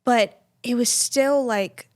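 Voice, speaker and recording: A woman's voice: a little high, normal speed. A young woman from Georgia co-hosting a casual family podcast, telling stories with frequent laughs. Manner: chatty storyteller, laughs often, quotes people in lively voices. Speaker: podcast co-host.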